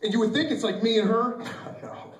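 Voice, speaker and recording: A man performing a loose, crude stand-up routine, loud and animated, shouting out voices for the bits. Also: very high voice, normal speed. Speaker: stand-up comedian. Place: small venue with live audience. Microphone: camcorder from far off. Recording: echoey amateur video from a distance.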